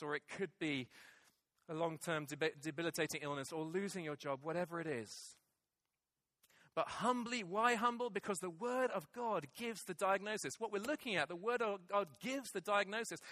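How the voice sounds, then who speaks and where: A man's voice: high-pitched, bright, forceful tone, no room sound. A middle-aged male pastor preaching a sermon, emphatic and repeating key phrases for weight. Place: church hall with congregation.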